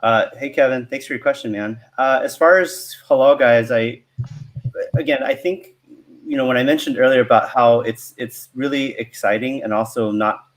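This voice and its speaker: A man speaking as a guest expert on a casual video call, relaxed and talking in loose restarts. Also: medium pitch, moderate pace. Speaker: franchise growth expert guest.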